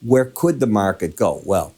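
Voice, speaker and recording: Animated yet measured, a slightly mellow, low-voiced older man hosts a daily financial market wrap-up. He talks through charts emphatically and conversationally, with the odd cough from an illness that lingers.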